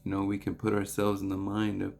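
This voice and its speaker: A young man reads a Bible passage and reflects on it in an earnest, devotional way. His voice sits low and rough with vocal fry, and his pitch barely moves. He restarts his phrases often and fills pauses as he feels his way through his thoughts. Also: completely flat delivery, darkish tone. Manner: earnest, halting, with frequent restarts and fillers. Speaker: preacher.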